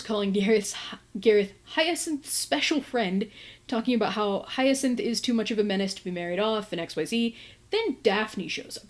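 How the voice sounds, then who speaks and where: Chatty woman recapping a novel. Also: medium pitch. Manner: chatty, exasperated asides. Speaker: book reviewer. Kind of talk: casual plot recap.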